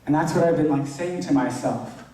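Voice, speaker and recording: A young man with a fairly high voice gives a casual, heartfelt sermon as a youth pastor, leaning on "like" and "you know". He sounds a little far from the mic, and his words ring through a very echoey church hall. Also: moderate pace, mellow. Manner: casual, earnest, heavy use of "like". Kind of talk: informal sermon.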